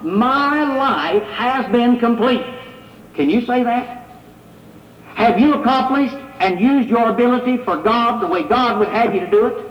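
A man preaches to his congregation in a conversational way, firing rhetorical questions at them. His voice sits very high for a man. The recording is dull and lo-fi, with a roomy church-hall echo. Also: normal speed. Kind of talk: sermon. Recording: echoey hall, dull lo-fi sound.

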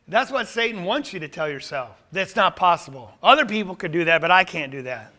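A man preaching a sermon with a high, bright voice. He speaks emphatically, climbing to forceful peaks, and often repeats words or restarts a phrase as he goes. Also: animated, a little fast, hardly any pauses. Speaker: pastor.

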